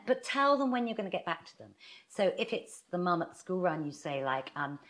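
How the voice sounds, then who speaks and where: A woman, a book author being interviewed, explaining her advice in a lively conversational way and acting out little quoted exchanges. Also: lowish voice, a little fast. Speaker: author and guest.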